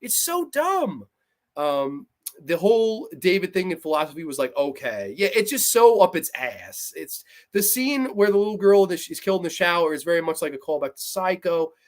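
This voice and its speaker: A man's voice: on the high side, brisk. Blunt, profane man reviewing films. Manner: blunt, profane, animated, laughs often, mocks characters in put-on voices. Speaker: host. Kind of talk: livestream film review, reading chat comments.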